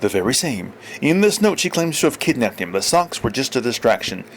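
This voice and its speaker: A man's voice: mid-range voice, big pitch swings, fairly quick, a little hiss or hum. A man voicing a light-hearted aristocratic duke in a read-aloud story. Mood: serious. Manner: light, mock-exasperated.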